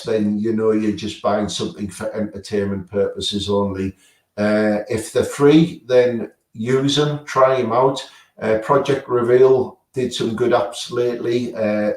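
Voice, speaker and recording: Halting man, roomy distant sound. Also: on the low side, fairly even intonation, a little mellow. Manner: halting, many fillers and restarts. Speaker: guest paranormal investigator. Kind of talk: casual interview answers. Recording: roomy sound, away from the mic.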